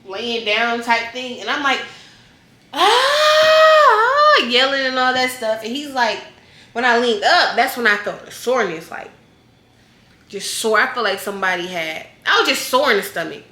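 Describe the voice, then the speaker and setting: A woman vlogger telling a storytime in a casual, slangy way, animated and acting out scenes. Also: a little high, normal speed. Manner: animated, slangy, acts out scenes with loud yells. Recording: echoey room.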